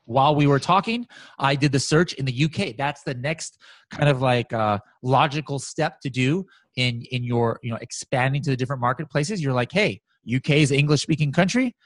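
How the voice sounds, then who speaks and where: A man walking through software results on a shared screen in casual talk, animated and excited, with many fillers and restarts. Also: medium pitch, moderate pace, no room sound. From United States. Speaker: guest software expert.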